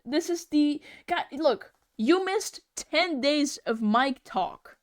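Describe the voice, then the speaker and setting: A woman's voice: high voice, expressive, drawn-out words, bright, forceful tone, no room sound, studio quality. A young woman live-streaming as she draws, chatting casually in a giggly, rambling, playfully exasperated way. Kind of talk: casual live-stream chat while drawing.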